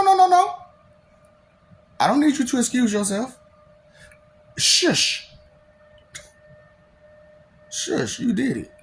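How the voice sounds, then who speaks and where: A man's voice: on the high side, a little hiss or hum. A man delivering a taunting, slangy monologue, laughing often between lines.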